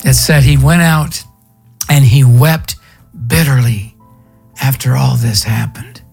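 A man's voice: medium pitch, takes it slowly, creaky, a little mellow, husky, soft background music. A male pastor preaching a sermon in a conversational storytelling way, drawing out words for emphasis.

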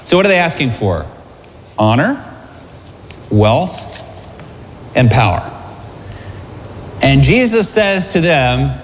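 A man preaching a sermon to a congregation, lively and conversational, often asking them questions. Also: medium pitch, takes it slowly, pauses often, slight background noise. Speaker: pastor. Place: large church hall. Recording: hall reverb, faint room ambience.

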